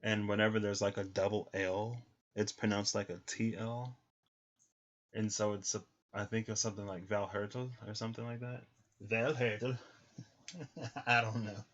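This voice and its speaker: A man's voice: on the low side, little pitch movement, normal speed, fairly bright tone. A man giving a casual livestream tarot reading, thinking aloud with many ums. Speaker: tarot reader. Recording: slightly muffled lo-fi audio.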